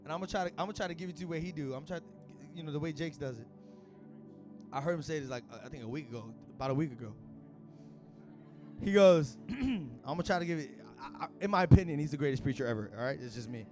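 A man preaching a sermon at a church service in casual, slang-filled talk that rises to shouts. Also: a little high, expressive, fast talker, soft background music. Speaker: pastor.

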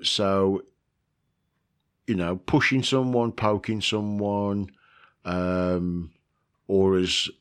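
A man hosting a casual video, rambling through a list with lots of ums, joking about himself and swearing now and then. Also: low-pitched. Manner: rambling, self-mocking, with frequent ums and swearing. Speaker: video host.

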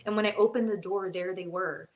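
A woman talking in a relaxed podcast chat, telling stories from her wrestling days. She is animated, with sudden jumps up in pitch whenever she acts out what someone said. Her speech is casual and full of fillers. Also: fairly quick, slight background noise. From Mexican heritage. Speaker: podcast co-host; former wrestler.

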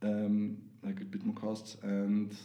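Austrian-born male painter as guest, halting and thoughtful, roomy echo around the voice. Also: on the low side, monotone, warm tone. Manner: hesitant, many fillers, searches for words. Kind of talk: casual interview chat.

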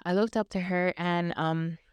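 A woman's voice: fairly low pitch, fairly even intonation, a little slow, clean tone, dry recording. A woman hosting a casual faith podcast, chatty and rambling with fillers. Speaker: podcast host.

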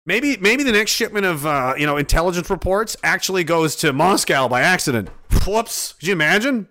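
A man's voice: high voice, animated, a little fast, bright, forceful tone. A Canadian man on a live stream, ranting angrily about politics in a profane, heated way. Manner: profane, heated, mocking voices of others. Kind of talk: angry political rant.

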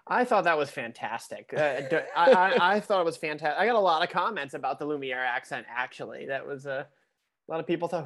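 A man's voice: a little high, expressive, a bit bright. A man co-hosting a podcast, talking enthusiastically and casually. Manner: enthusiastic, quick laughs. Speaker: podcast co-host.

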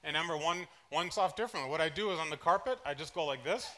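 During a church service, a pastor with a fairly high voice delivers a sermon in rapid-fire fashion. He animatedly recounts personal anecdotes, sinking to soft asides, then surging into loud, excited outbursts.

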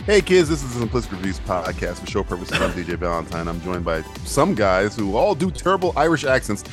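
Male host, loose laughing banter, animated intonation. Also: fairly low pitch, a little fast, faint music behind. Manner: laughing, stammering, crude. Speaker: podcast host. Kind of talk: casual comedic chat.

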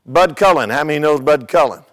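A man's voice: a little high, animated, brisk, fairly bright tone, long reverb tail. An older man, a pastor, preaching a sermon in a conversational way, repeating his words and telling humorous stories.

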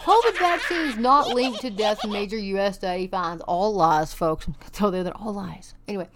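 A woman's voice: mid-range voice, animated, normal speed, noisy background. A woman from Texas hosting an online commentary show, reading news articles aloud and adding sarcastic, scoffing asides.

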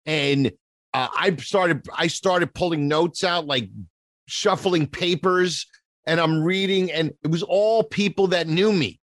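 Rambling comedian telling stories, dry close mic. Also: male voice, on the high side, slow pace, a bit bright, dry recording. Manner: rambling, self-mocking storytelling. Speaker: comedian guest. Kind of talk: casual podcast chat.

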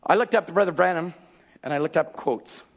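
High husky preacher shouting fervently. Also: male voice, brisk. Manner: shouting exhortations, rising to high pitch. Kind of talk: fiery sermon.

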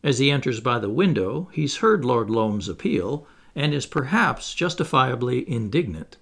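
A man's voice: mid-range voice, big pitch swings, moderate pace, creaky, fairly bright tone. A man reading a stage play aloud, narrating the stage directions. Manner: reads stage directions plainly.

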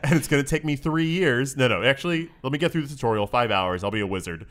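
Casting: young male podcast co-host, rambling, self-mocking, medium-pitched. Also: fast, fairly bright tone. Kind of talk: casual chat. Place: room above a comic shop.

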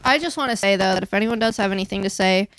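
A woman co-hosting a casual podcast, hesitant and halting, often trailing off. Her voice is smooth and clear, recorded dry and close. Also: mid-range voice, a bit bright, no echo. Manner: hesitant, halting, many fillers. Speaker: podcast co-host. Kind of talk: casual chat.

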